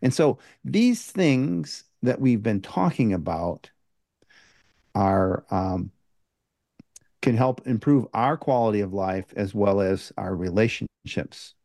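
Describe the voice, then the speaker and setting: A man's voice: on the low side, lively intonation, takes it slowly, gravelly, a little mellow, dry recording. A man hosting a podcast, chatting hesitantly with many fillers. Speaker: podcast host. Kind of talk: casual chat.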